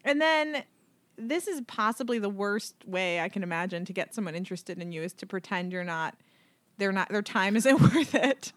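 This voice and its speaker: A woman co-hosting a comedic advice podcast, quick to laugh as she chats. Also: mid-range voice, lively intonation. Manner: giggly, breaks into laughter often. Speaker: podcast co-host.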